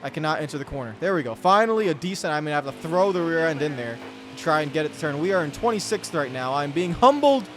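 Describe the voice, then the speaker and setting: Fast and animated, a man with a fairly high voice rants through his racing gameplay as a gaming channel host, rambling and cutting himself short out of frustration. Game music and car engines make for a noisy background.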